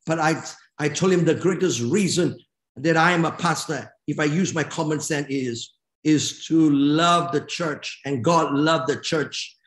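Older male preacher, high voice, emphatic drawn-out delivery, echoey church hall. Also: fairly bright tone. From Malaysia. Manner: emphatic, slow dramatic phrasing. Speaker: pastor. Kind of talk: sermon with scripture reading.

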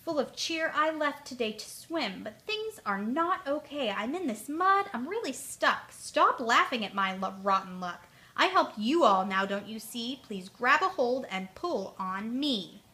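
A woman's voice: a little high, sing-song, measured pace, few pauses, sharp tone, heavily acted. A woman voicing a kind little female pig, earnest and pleading.

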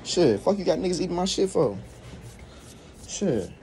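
A man's voice: sits high, very animated, moderate pace, creaky, dark tone, slight background noise. Young male vlogger, raised voice, rambles and curses through an exasperated rant. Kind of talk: casual ranting monologue.

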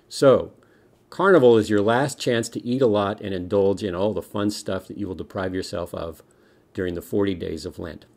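Lively low-voiced man teaching kids. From United States. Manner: lively, explaining with small jokes. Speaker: music teacher. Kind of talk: history lesson for kids.

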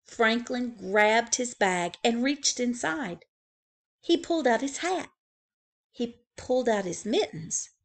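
A woman librarian reading a picture book aloud to young children, expressive, with playful asides to the kids. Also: on the high side, slow. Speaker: school librarian.

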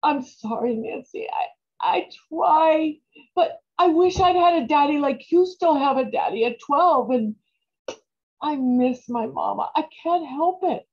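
A woman playing a grieving, farm-raised mother who talks tearfully and haltingly in a stage monologue. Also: high voice, lively intonation, lo-fi sound, voice pushed up. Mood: pleading. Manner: tearful, halting, repeats words.

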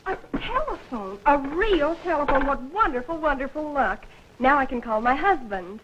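Actress as young newlywed wife, 1940s film, gushing, affectionate, fairly high voice, dull old soundtrack. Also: female voice, lively intonation, moderate pace, background noise, close to an everyday voice. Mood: sweet. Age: young adult.

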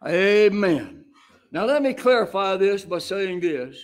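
Slow-preaching older man, high voice. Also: animated. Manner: homey, folksy preaching with drawn-out emphatic repeats. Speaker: senior pastor. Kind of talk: sermon.

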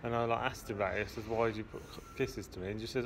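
A man's voice: lowish voice, fairly even intonation, very fast. A man with an English accent venting casually to camera at a railway station, aggrieved and repetitive as he tells a story. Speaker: vlogger. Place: outdoor railway station platform. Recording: noisy station ambience.

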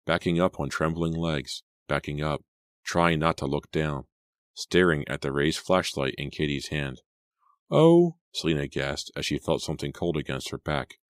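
A man with an extremely deep voice narrates a suspense audiobook in a measured, steady manner. The recording is dry and close, with no room sound. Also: no echo. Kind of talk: dramatic audiobook reading.

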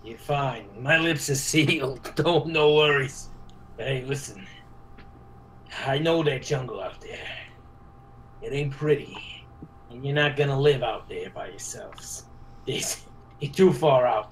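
A man playing a dwarf in a tabletop game, speaking in a relaxed, reassuring way. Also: medium pitch, slow, pauses often, slight background noise, low-quality recording. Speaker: player.

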